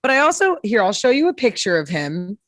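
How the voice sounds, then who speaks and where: A woman's voice: mid-range voice, big pitch swings, fairly quick, dry recording, studio quality. A woman comedian hosting a live music interview show, rambling with self-deprecating jokes. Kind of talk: casual live-stream hosting banter.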